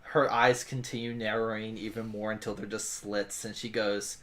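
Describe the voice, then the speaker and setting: A man's voice: on the low side, level tone, moderate pace, fairly bright tone. A man playing a tabletop game, casually narrating his character's actions. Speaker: player.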